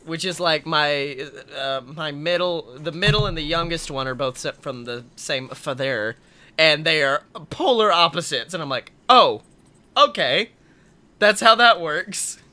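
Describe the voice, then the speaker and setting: Speaking at a moderate pace with a fairly high pitch, a young podcast co-host chats casually. He tells funny stories with lots of swearing. He acts out the quotes in an animated way.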